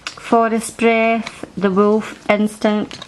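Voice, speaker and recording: A woman's voice: mid-range voice, little pitch movement, drawn-out words, a little hiss or hum, low-quality recording. A woman chatting through a card deck review at home, rambling and restarting her sentences. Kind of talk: casual show-and-tell review. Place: at home, indoors.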